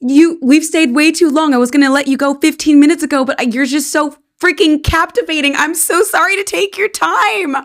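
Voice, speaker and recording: A woman hosting an interview show, chatting casually and reacting effusively to her guest. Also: sits high. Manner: effusive, quick to react with gasps and laughs. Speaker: podcast host.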